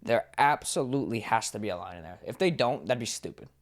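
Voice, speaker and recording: A man's voice: on the low side, lively intonation, fast. A young man co-hosting a podcast, telling rambling stories in casual chat and swearing freely. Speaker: podcast co-host.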